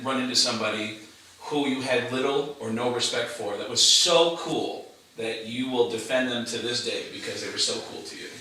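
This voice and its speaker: A man's voice: mid-range voice, pushed and bright. A man who is a comedian, telling self-deprecating anecdotes and asking questions in a rambling casual chat. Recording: echoey room, distant mic.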